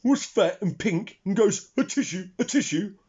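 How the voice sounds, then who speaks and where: Man reading as a haughty, rude pig from a storybook; raised, husky voice. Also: sits high, expressive, normal speed, warm tone, voice pushed up. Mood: worried. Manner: scornful, haughty. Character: rude boastful clever pig. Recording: dull lo-fi recording.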